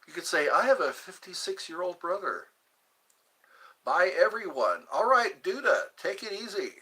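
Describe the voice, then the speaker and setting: On a rough recording, a husky man in his fifties chats casually on a live stream, reading out viewer comments and answering with jokes. He speaks at a normal speed in a high, bright, forceful voice with big pitch swings.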